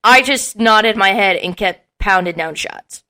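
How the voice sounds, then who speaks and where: A woman in her early twenties on a podcast, telling a long story in casual chat, animated and swearing often. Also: medium pitch, measured pace. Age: early 20s. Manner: animated, swearing often, acting out quotes with laughs. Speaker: podcast co-host.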